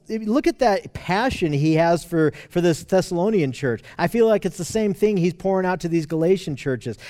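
A man's voice: high voice, dark tone. A man preaching, explaining scripture in an earnest, conversational way with frequent restarts. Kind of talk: expository Bible teaching.

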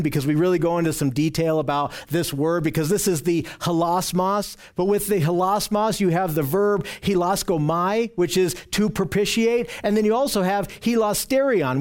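A man teaching a Bible study lesson in an earnest way, often restarting his sentences. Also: high voice.

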